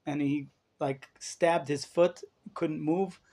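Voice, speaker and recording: A man's voice: on the high side, fairly even intonation, slow, warm tone. A man rabbi giving a live lecture to a class, emphatic and full of rhetorical questions, dropping in Hebrew terms. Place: study hall class with listeners.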